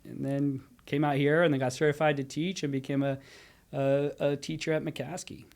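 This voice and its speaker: A man who teaches high school social studies, telling his life story in a casual podcast conversation and acting out his students' voices. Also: flat delivery, normal speed, a little mellow. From Pennsylvania.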